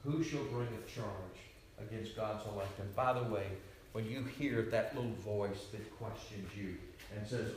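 A man preaching a sermon at a retreat, his voice ringing out through a very echoey hall from some distance off the mic. He swings between booming, emphatic declarations and quiet asides, with a faint room hum behind him. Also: unhurried.

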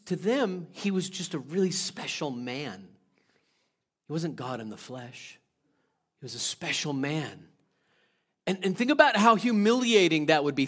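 A man delivers a sermon in a casual, questioning way, talking straight to the congregation. His voice sits fairly high, and he swings between raised, forceful passages and low, quiet ones. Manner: conversational, asks the congregation questions, wide swings between loud and hushed. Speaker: pastor.

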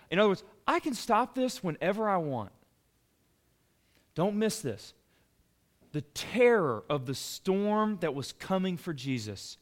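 Young male pastor, fairly high voice, lively sermon delivery with casual asides. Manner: animated preaching, rising loud for emphasis and dropping low and slow; conversational asides to the congregation.

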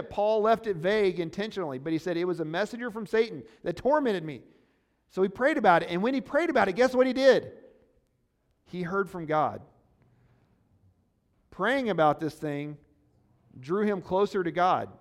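A man preaching a sermon in an earnest, conversational way, asking the congregation rhetorical questions. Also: high voice. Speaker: pastor.

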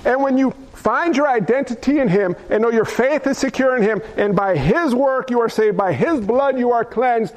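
Guy preaching, really high voice, fervent, keeps throwing questions at the crowd. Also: moderate pace, hardly any pauses. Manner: fervent, fires rhetorical questions at the congregation. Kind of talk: sermon.

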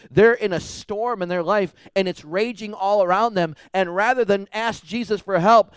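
Animated male pastor preaching. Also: sits high, dry recording, studio quality. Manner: animated preaching, swinging from hushed to loud pleading. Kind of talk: sermon.

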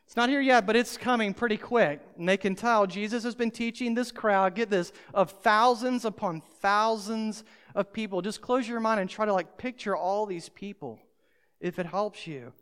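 A pastor preaches a sermon in a medium-pitched, slightly bright, clean voice at a normal speed. He is emphatic and speaks directly to his listeners, with a long hall reverb on the recording.

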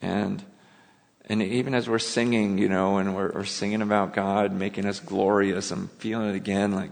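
A man's voice: fairly low pitch, flat delivery, moderate pace, gravelly. A man preaching a sermon in an earnest, conversational way, often restarting and stumbling over his words. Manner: earnest, conversational, with many restarts and emotional asides. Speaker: pastor. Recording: long hall reverb.

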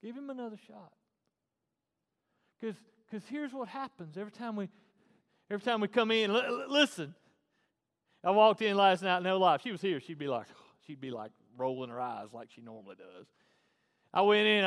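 A man preaching a sermon as pastor, swinging from hushed, tender passages to loud, fervent ones. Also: sits high, creaky. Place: church. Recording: long hall reverb.

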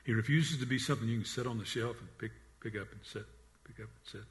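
A man preaching a sermon in an earnest voice, often repeating and restarting words, and dropping to a hush on the quiet lines. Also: lowish voice, quick pace. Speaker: pastor.

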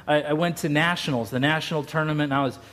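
High-voiced pastor from Utah. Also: male voice, fairly even intonation, fast, a bit bright. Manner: storytelling, emphatic, with repeated phrases. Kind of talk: sermon.

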